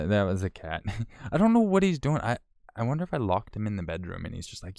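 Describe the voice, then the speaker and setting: A man with a low, gravelly voice chats live with his viewers in a close, dry recording. He talks frankly, curses often and circles back on himself mid-sentence. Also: animated, brisk, darkish tone, no echo. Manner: frank, profane, rambling with restarts. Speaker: live streamer answering chat. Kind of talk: casual live chat.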